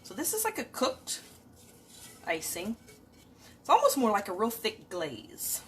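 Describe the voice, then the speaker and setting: With huge pitch swings and a fairly bright, medium-pitched voice, a woman chats through a home cook-along stream at a measured pace. There's slight background noise as dishes and utensils clatter in the kitchen.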